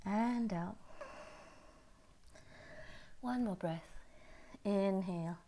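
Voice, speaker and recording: A woman yoga teacher guiding a class through poses and breaths, calm and steady, a little out of breath. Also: mid-range voice, drawn-out words, a little hiss or hum. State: slightly out of breath. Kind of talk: guided yoga class instruction.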